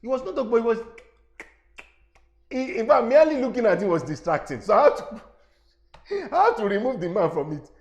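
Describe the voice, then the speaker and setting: Animated Nigerian man teaching a webinar. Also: high-pitched, brisk, long pauses, dull audio. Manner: animated, repeats himself, addresses listeners directly. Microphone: lapel mic.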